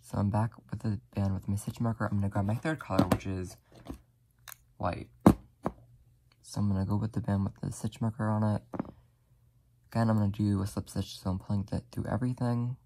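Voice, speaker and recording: A soft-spoken crafting tutorial host giving casual step-by-step instructions while working, often apologetic and leaning on "like" fillers. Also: deep voice, flat delivery, fairly quick, pauses often, very noisy.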